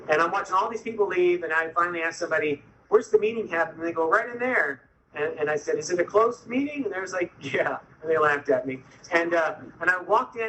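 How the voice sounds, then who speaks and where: Man, high bright voice, comic storyteller voicing the people in his story, faint background noise. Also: rough recording. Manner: humorous, acts out quoted voices. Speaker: recovery meeting speaker. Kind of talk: personal storytelling.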